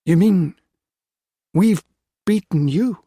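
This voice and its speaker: A man's voice: high-pitched, slow pace, mellow, breathy edge, no room sound, clean studio sound, pitched above the performer's own voice, exaggerated voice. A man reading an audiobook, voicing a distraught British woman who pleads desperately with her Japanese husband. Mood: bewildered, pleading. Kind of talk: audiobook character voice.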